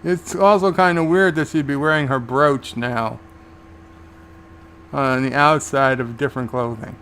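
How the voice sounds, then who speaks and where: A man's voice: mid-range voice, fairly even intonation, unhurried, a bit bright. Brief: male host, laid-back watch-along commentary, mid-range voice, faint background hiss. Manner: casual, recaps scenes and paraphrases lines. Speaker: show host and reviewer.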